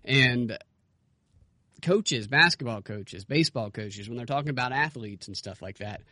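Male podcast co-host, argumentative, mid-pitched voice, dry close mic. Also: a little slow, sharp tone, no room sound. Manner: argumentative, rhetorical questions. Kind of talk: casual political podcast chat.

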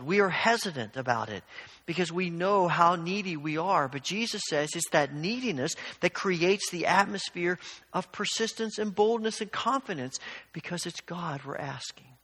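A man's voice: high-pitched, fairly bright tone. An older man preaching a sermon as pastor, telling stories in a conversational, earnest way. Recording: long hall reverb.

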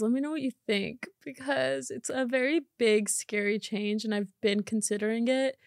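A woman's voice: fairly high pitch, no echo, studio quality. A young woman hosting a podcast, chatting casually and rambling, laughing often and saying "like" a lot. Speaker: podcast host. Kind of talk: casual chat.

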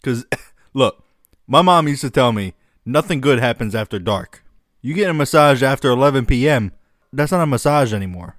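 A man's voice: medium pitch, expressive, moderate pace, a bit bright, dry recording, clean studio sound. A man co-hosting a casual comedic chat, laughing often and slipping into put-on regional voices.

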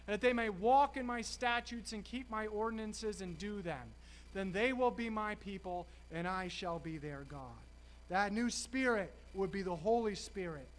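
A man preaching a sermon, emphatic, slowing and stressing key words with dramatic pauses. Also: high voice, fairly bright tone, slight background noise.

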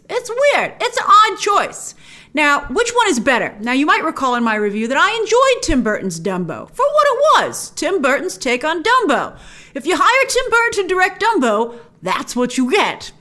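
A young woman with a high, bright voice talks through a casual movie review. Her pitch swoops up and down as she acts out her own reactions. She is chatty and mock-dramatic throughout. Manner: animated, chatty, mock-dramatic quoting of herself. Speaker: film reviewer.

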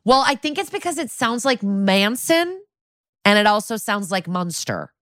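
A woman co-hosting a podcast, casually recapping a TV episode and acting out the characters' lines with lively energy. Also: medium pitch, moderate pace, no echo, studio quality. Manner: animated storytelling, acting out quoted lines. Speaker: podcast co-host.

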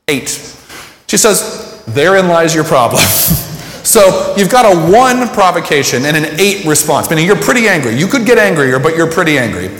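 A man's voice: fairly high pitch, a bit bright. A middle-aged man preaching a sermon in a conversational, self-deprecating way, acting out bits of dialogue. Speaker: pastor. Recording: echoey hall with long reverb.

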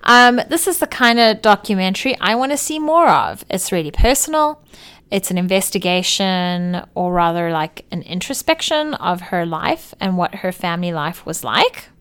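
A woman's voice: fairly low pitch, big pitch swings, normal speed, fairly bright tone, smooth. Playful woman co-hosting a movie podcast. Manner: playful, teasing. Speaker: podcast co-host. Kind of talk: casual movie chat.

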